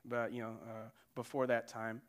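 Conversational preacher with a resonant voice. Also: male voice, mid-range voice, normal speed. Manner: conversational, digressive, animated storytelling. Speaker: pastor. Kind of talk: sermon.

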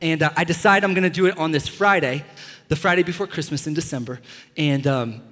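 Young guy pastor giving a sermon, kinda high voice, excited and joking, big echoey church hall. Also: fairly quick. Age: young adult. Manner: enthusiastic and joking, with sudden loud bursts. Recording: long church-hall reverb.

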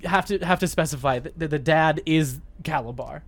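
A man's voice: a little high, moderate pace. A man co-hosting a podcast, recapping a movie in casual chat, giggly and rambling with many restarts. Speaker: podcast co-host.

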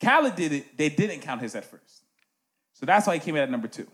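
Animated man hosting a music chat. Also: on the high side, fairly quick. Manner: animated, rhetorical "right?" asides.

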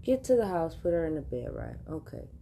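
A woman's voice: on the low side, big pitch swings, brisk, dark tone, a little hiss or hum. A woman hosting a podcast, telling a casual story straight to her listeners, chatty and laughing often. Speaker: podcast host.

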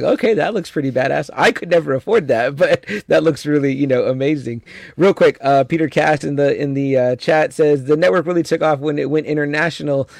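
A man's voice: mid-range voice, a little mellow, no room sound. Man, podcast host, casual, laid-back, dry close sound. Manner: laid-back, reads viewer chat aloud, many fillers.

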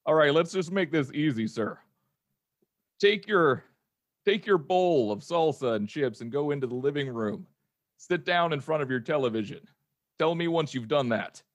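A man's voice: on the high side, lively intonation, normal speed, close to an everyday voice. A man voicing an overly polite male internet-provider phone rep with an odd put-on accent in an improvised comedy scene. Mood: polite formal.

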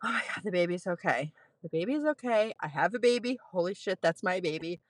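Animated woman telling her story. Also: lowish voice, fairly quick. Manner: animated, laughs often, many fillers. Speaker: guest, postpartum nurse. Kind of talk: candid personal storytelling.

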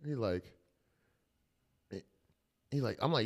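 A man's voice: medium pitch, expressive, normal speed. A young man, a teacher, chatting casually on a podcast, telling loose stories, acting out quotes and laughing often. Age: young adult. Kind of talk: casual chat.

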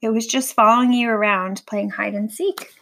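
A woman voicing a calm, helpful male capital letter in a read-aloud storybook, speaking in a reassuring way. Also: a little high, normal speed, creaky. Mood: announcing.

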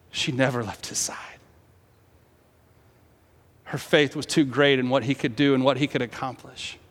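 A pastor from the United States preaching a sermon with impassioned delivery, swinging between hushed tones and raised, quoted lines. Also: male voice, mid-range voice, long reverb tail.

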